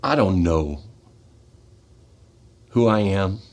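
Impassioned low-voiced American veteran. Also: male voice, expressive, very slow. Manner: fervent, confrontational, swings between loud outbursts and quiet, heavy asides. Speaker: military veteran speaking on a radio show. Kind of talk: impassioned radio monologue. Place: radio studio.

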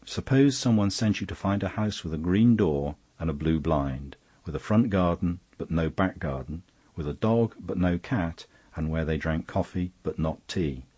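A man's voice: deep voice, moderate pace, warm tone, slightly rough, no echo. A man reading aloud, voicing a mild, thoughtful male priest who reasons soberly. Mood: earnest. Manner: sober and reflective, puzzling things out.

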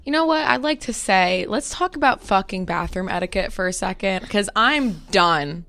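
A young woman in her twenties co-hosts a casual podcast. She talks bluntly and with exasperation, and she swears freely. Her pitch moves a lot, and it sits at a middle height. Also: animated, fairly quick, vocal fry, fairly bright tone. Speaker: podcast co-host. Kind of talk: casual chat.

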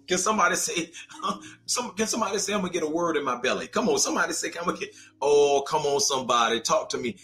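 Male preacher with a bright, forceful voice and a lilt, preaching with call and response over faint music. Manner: preaching, calls out to the congregation, rising pitch. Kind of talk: sermon.

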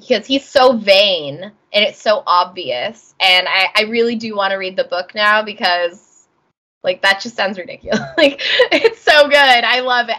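A woman's voice: medium pitch, pushed and bright. A woman co-hosting a podcast, chatting casually and animatedly, often acting out characters' lines. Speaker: podcast co-host. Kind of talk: casual chat.

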